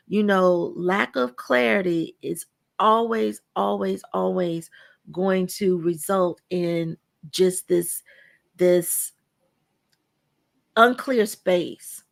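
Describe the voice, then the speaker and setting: A woman's voice: mid-range voice, gravelly. A woman guest on a podcast, chatting casually and emphatically and acting out the people she quotes in her stories. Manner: animated storyteller who acts out quoted dialogue; emphatic, repeats words for stress.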